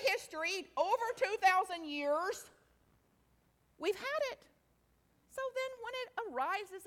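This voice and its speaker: A woman giving a spiritual talk to a live audience, playful and teasing, with stretches of slow, hushed guided reflection. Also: extremely high pitch, lively intonation. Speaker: spiritual teacher. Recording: long hall reverb.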